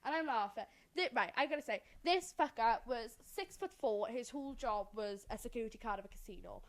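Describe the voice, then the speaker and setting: Woman, podcast co-host, casual chat, animated storytelling, swears a lot. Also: on the high side, a little fast.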